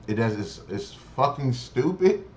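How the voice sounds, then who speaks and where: A man's voice: medium pitch, lively intonation, a little slow, a little hiss or hum. A man giving a casual spoken review of a TV episode, rambling, swearing freely and sounding exasperated. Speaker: show reviewer.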